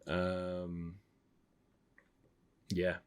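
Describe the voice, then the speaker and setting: A man streams and chats casually while reviewing films, rambling bluntly and often cutting himself off mid-sentence. His low-pitched voice is clear and resonant, completely flat, and very slow.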